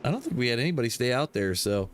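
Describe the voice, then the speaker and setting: A man's voice: mid-range voice, very animated, rapid-fire, a little hiss or hum. A man broadcasting a sim racing stream, mixing casual race commentary with joking banter and frequent laughter. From Michigan. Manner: laughs a lot, joking and loose.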